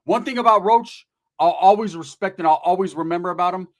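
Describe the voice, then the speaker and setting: A man telling crude, animated stories in a casual, profane way, often tagging right? onto his lines. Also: sits high, a little fast. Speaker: podcast host telling stories.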